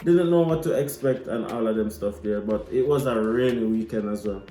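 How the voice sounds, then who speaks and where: A man's voice: on the low side, normal speed. Jamaican man telling a story in an echoey room. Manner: animated, mixes patois into his telling. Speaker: vlogger. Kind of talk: casual storytelling. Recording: echoey room with light music.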